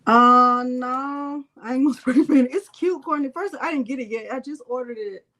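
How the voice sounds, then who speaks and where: A woman's voice: sits high, moderate pace, sharp tone. A middle-aged woman hosting a crafting livestream, chatting casually with viewers, teasing herself and muttering as she works. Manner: chatty, addresses viewers as y'all, self-teasing; muttering to herself while working. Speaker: crafting channel host.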